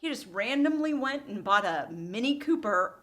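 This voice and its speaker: A middle-aged mother sits in as a podcast guest, her voice fairly high for a woman. She talks in a wry, teasing way, poking fun at her husband's antics. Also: lively intonation, normal speed, fairly bright tone. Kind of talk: casual chat.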